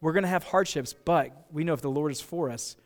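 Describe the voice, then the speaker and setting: A man's voice: on the high side, a little fast. A man with an American accent, preaching a sermon as pastor in an earnest, conversational way, often repeating words as he goes. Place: church sanctuary. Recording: long reverb of a church hall.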